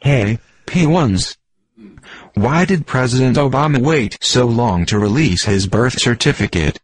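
A synthetic male text-to-speech voice playing a stiff, deadpan sports computer that reads jokes in stilted, formal phrasing for a radio comedy bit. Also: mid-range voice, measured pace, breathy edge, no echo.

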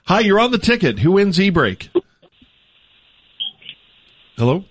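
A man hosting a sports radio call-in show, brisk and amused as he takes callers. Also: sits high, sing-song, breathy edge, dry recording, studio quality. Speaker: radio host.

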